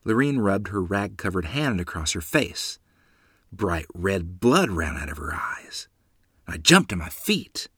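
Husky-voiced man narrating a memoir. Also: low-pitched, big pitch swings, fairly bright tone, dry recording, clean studio sound. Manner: earnest, measured storytelling. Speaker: storyteller. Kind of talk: first-person memoir narration.

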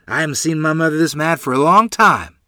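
Brief: man voicing eager country boy, lively and slightly raised. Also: on the high side, fairly quick, no room sound, clean studio sound, pitched above the performer's own voice. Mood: boyish. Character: cheerful young boy, a friend.

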